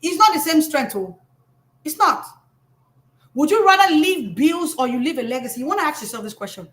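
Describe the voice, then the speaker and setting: A middle-aged Nigerian woman, a financial coach giving a live motivational talk in an animated, emphatic way that scolds with humor. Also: high-pitched, a little fast.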